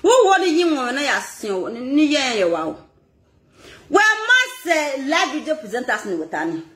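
A woman's voice: high voice, moderate pace, reverberant. A Nigerian woman ranting on a live video, scolding and laughing as she talks. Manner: animated, scolding, laughs often. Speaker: social media personality.

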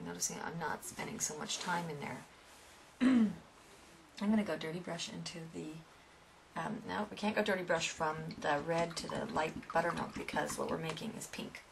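A woman's voice: on the low side, vocal fry, noisy background. A woman giving a step-by-step painting lesson in a chatty way, with asides to her students. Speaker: painting instructor. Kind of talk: painting tutorial.

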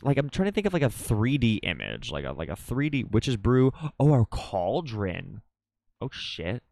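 A man is live-streaming as he draws, chatting casually with his viewers. He's excitable, swears a lot, and laughs often, and his low-leaning voice sounds dry with no echo.

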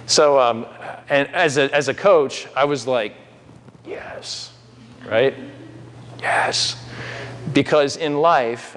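A man preaching a sermon in a conversational way, with asides to the congregation. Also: medium pitch. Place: church sanctuary. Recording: long hall reverb.

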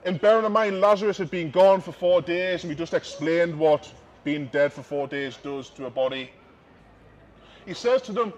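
Man, street preacher, high voice, fervent repeated phrases, dull lo-fi sound, faint street noise. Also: normal speed. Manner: impassioned, repetitive preaching with rising emphasis. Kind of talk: open-air street sermon. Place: outdoors on a city street.

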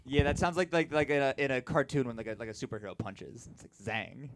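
A man's voice: mid-range voice, fast. A man co-hosting a comedy show, bantering loosely with comics and swearing casually. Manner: loose, swearing, laughing, lively. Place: comedy club.

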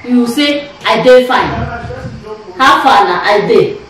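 A woman's voice: on the high side, lively intonation, slow, fairly bright tone. A woman with a Nigerian accent hosting a casual family vlog at home, chatty and playful as she quizzes someone, often laughing. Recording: very echoey room, voice far from mic.

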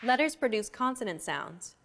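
A woman hosting a language lesson, explaining pronunciation in a clear, even, scripted way. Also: fairly high pitch, normal speed, a little hiss or hum. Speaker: lesson host.

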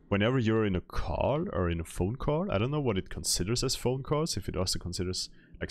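A man streaming a video game, chatting casually with viewers and laughing often as he plays. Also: on the low side. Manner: chatty, reads chat aloud, laughs often. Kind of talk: casual gameplay commentary.

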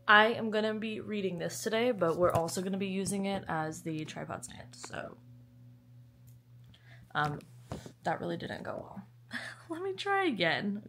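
A woman's voice: on the low side, fairly bright tone. A young woman chatting casually in a book vlog, bubbly and talkative, with sweet asides to her dog. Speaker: book vlogger.

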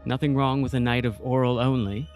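A man's voice: medium pitch, steady tone, a little fast, a little mellow, soft background music, pitched above the performer's own voice, natural voice. A man voicing a manipulative, cold middle-aged mother who coaxes in a syrupy way. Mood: pushy. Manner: syrupy, coaxing, calls everyone darling.

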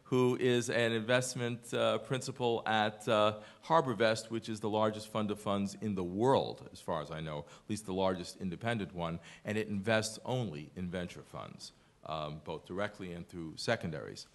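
A low-pitched American man speaks at a conference, opening a panel with earnest remarks. He talks with frequent fillers and a touch of self-deprecating humor as he introduces each guest. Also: normal speed. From United States. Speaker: panel moderator. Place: conference hall.

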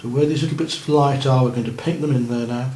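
A man with a mellow, mid-range voice talks quickly in a steady tone while teaching beginners to paint. As an art teacher working in the classroom, he coaches, encourages, and checks on his students' work. The recording carries a roomy sound and faint noise.

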